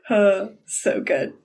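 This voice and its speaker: A woman's voice: mid-range voice, vocal fry, a little mellow, slightly rough. A woman co-hosting a podcast in casual chat, talking animatedly, laughing often and acting out quoted lines. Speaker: podcast host.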